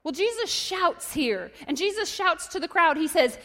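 A woman delivers a sermon in a high, bright register, spinning stories and popping into character voices. Her words carry a long reverb from a large church hall. She moves between quiet asides and sudden shouts. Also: moderate pace. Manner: animated storytelling, acts out voices and shouts. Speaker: preacher.

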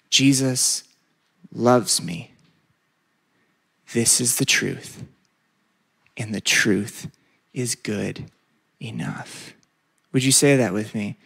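A man's voice: mid-range voice, gravelly, slightly rough. A man preaching a sermon, stretching out repeated words for emphasis and leading the congregation in call-and-response. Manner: emphatic, drawn-out repetitions, leads call-and-response. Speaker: pastor.

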